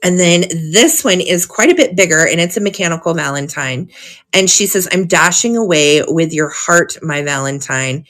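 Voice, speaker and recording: Woman, live sale host, casual chat, gushing, giggly, somewhat low voice. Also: animated, normal speed, fairly bright tone. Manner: chatty and gushing, often giggling. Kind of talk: casual live-sale chat, reading old cards aloud.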